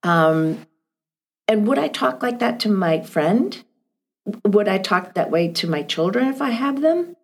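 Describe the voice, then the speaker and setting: A middle-aged woman speaking gently and thoughtfully on a podcast, asking reflective questions. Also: mid-range voice, lively intonation, a little slow, breathy edge. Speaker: guest.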